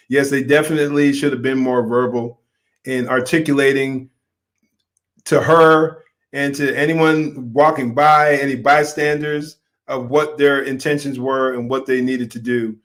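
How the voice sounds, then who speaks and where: A man's voice: mid-range voice, fairly even intonation, unhurried. A man hosting a show, giving casual commentary on a video in an earnest way that turns emphatic when he gets worked up.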